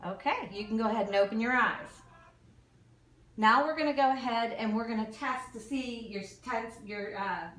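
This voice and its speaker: Woman, slightly high voice, instructive clinical exam talk, echoey room, mic far away. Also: a bit bright. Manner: instructive, step-by-step, stumbles on medical terms. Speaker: nursing student performing an exam.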